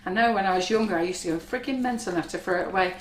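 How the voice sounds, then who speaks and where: A woman with a husky voice, chatting reassuringly as she gives a live baking demonstration in a kitchen. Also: medium pitch, racing. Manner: chatty, reassuring, talks while working. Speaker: cake decorating instructor. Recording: echoey kitchen with faint noise.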